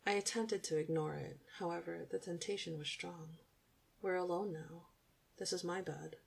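A young woman narrating an intimate audiobook story in the first person, in an even, intimate storytelling manner. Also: on the low side, normal speed, creaky, slightly rough.

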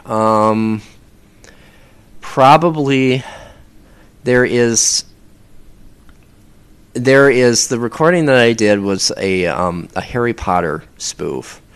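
A man talking casually in an interview about his audio recordings, rambling with many pauses and restarts. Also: mid-range voice, clean tone.

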